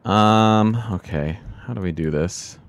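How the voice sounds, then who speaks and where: Low-voiced man thinking aloud over gameplay. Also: slow. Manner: chatty, thinking aloud, self-deprecating. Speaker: let's play streamer. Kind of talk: casual gameplay commentary.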